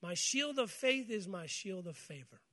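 A male pastor giving a lively sermon, calling on the congregation to respond and telling funny personal stories. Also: high-pitched, moderate pace. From United States. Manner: call-and-response with congregation, storytelling with humor.

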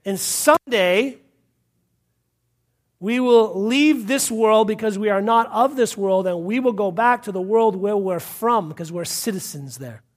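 Preaching with fervor at a measured pace, a high-voiced man from Massachusetts, USA keeps returning to the same points. Hallelujahs ring out throughout his sermon.

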